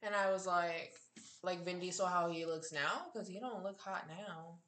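A woman co-hosting a podcast, talking casually in a low-key, wry way. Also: moderate pace, a bit bright. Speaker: podcast co-host. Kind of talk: casual chat. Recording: echoey room.

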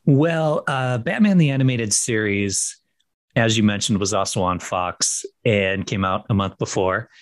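A man co-hosting a podcast, casually explaining history in a steady, explanatory way. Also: lowish voice, measured pace, no room sound. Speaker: podcast co-host. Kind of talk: casual chat.

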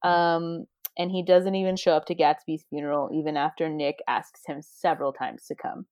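A woman's voice: deep voice, level tone, normal speed, darkish tone, no room sound, dull audio. A young woman co-hosting a podcast, chatting casually about a book, giggling and playfully quoting characters. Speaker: podcast co-host.

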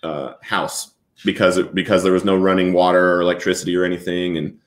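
A man as an interview guest, telling a personal recovery story in an earnest, halting way with many restarts. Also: low voice, little pitch movement, roomy sound.

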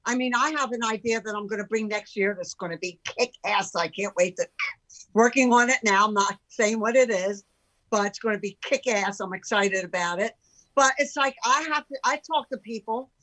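Woman, 60s, entrepreneur guest; animated, emphatic talker. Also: medium pitch, moderate pace, rough recording. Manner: animated, emphatic, with rhetorical questions. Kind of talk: casual chat.

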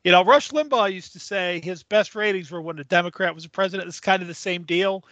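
A man's voice: high-pitched, a little fast, fairly bright tone, dry recording. A man co-hosting a sports podcast, griping bluntly with frequent swearing. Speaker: podcast co-host. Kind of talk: casual podcast banter.

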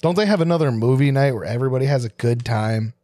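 A man's voice: mid-range voice, fast talker, mellow, dry recording, clean studio sound. A man co-hosting a podcast, recapping a horror film in casual chat, joking and laughing often, with some swearing. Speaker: podcast co-host.

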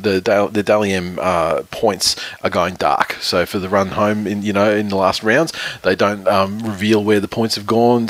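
A man co-hosting a sports podcast, bantering casually with frequent laughs and swearing. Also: fairly low pitch. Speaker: podcast co-host.

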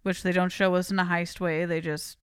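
A woman's voice: fairly low pitch, little pitch movement, a little fast, clean tone, no room sound, clean studio sound. A woman co-hosting a casual movie podcast, chatty and opinionated. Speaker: podcast co-host.

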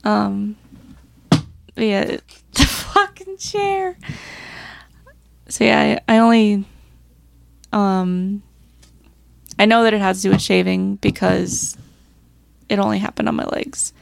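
A woman's voice: medium pitch, level tone, unhurried, creaky, long pauses, dry recording. A woman co-hosting a podcast in casual chat, swearing often and filling her talk with "like". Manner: swears often, chatty, trails off with "like". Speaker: podcast co-host.

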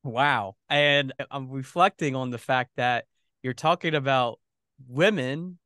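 Earnest male podcast host, smooth voice. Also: medium pitch, takes it slowly, pushed and bright, dry recording, clean studio sound. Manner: earnest, long rambling questions. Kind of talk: interview podcast.

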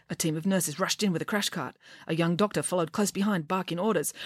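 A woman's voice: fairly low pitch, fast talker, no room sound, clean studio sound. A woman reading a novel aloud, narrating expressively. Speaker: storybook reader.

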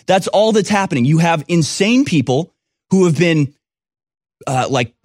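A man's voice: fairly high pitch, animated, a little slow, a little mellow, no echo, clean studio sound. A man reading news stories aloud and breaking off into scornful, sarcastic commentary as host of his own show.

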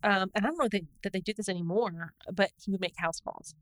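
A woman co-hosting a casual podcast, telling the story in an animated way, laughing often and trailing off mid-sentence. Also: medium pitch, fast talker, no echo, low-quality recording. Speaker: podcast co-host. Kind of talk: casual true crime podcast chat.

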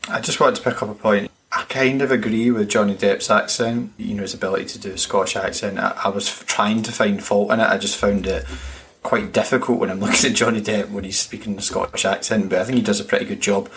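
A man's voice: fairly low pitch, fairly even intonation, fast, few pauses, a bit bright, slight background noise. A man co-hosting a podcast, blunt and jokey in casual film chat. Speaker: podcast co-host.

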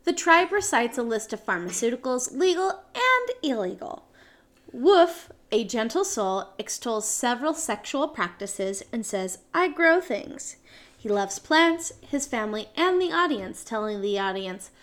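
A woman's voice: on the high side, big pitch swings, measured pace, a bit bright. Woman co-host reading a synopsis. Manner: reads from a script with small slips and self-corrections. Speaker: podcast co-host.

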